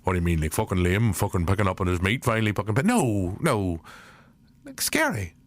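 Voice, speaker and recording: A man's voice: very animated, fairly quick, no echo. A man with a Northern Irish accent voicing a foul-mouthed elderly male butcher in an improvised comedy sketch. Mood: storytelling. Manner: profane, rambling, high strained delivery.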